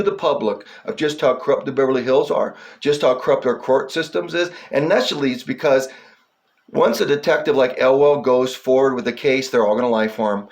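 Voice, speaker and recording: Angry, profane man ranting to camera. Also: mid-range voice. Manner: profane, agitated and rambling, repeatedly addressing "folks". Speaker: self-publishing filmmaker addressing police. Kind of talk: angry direct-to-camera rant.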